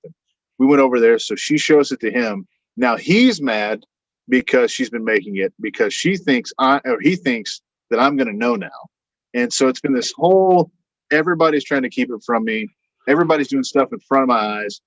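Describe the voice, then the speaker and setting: A man's voice: brisk, creaky, no room sound. A man telling a long anecdote as a guest, in a casual, rambling way, acting out what others said. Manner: rambling, animated retelling with quoted voices and frequent fillers. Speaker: podcast guest. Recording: dull, dry low-fidelity sound.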